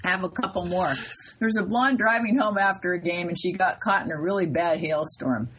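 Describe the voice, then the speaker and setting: A woman co-hosting a radio health show, telling jokes with lively delivery and brief character voices. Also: lowish voice, a little fast, a little hiss or hum, poor audio. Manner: animated joke telling, voices the characters' lines. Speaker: co-host nurse.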